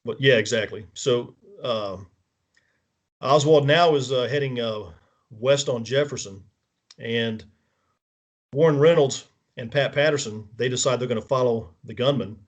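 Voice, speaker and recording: A man's voice: mid-range voice, unhurried. A man with a middle-range voice talks through events piece by piece as a guest on a show. He often restarts his sentences and corrects himself, and he checks in with the listener as he goes. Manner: detailed step-by-step recounting, checks in with the listener; frequent restarts and self-corrections. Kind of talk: casual spoken walkthrough of events.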